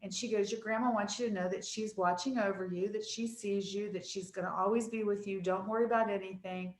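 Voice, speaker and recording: A woman's voice: mid-range voice, steady tone, brisk, echoey room. A woman guest on a talk show, telling personal stories in an earnest, reflective way. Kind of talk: casual conversation.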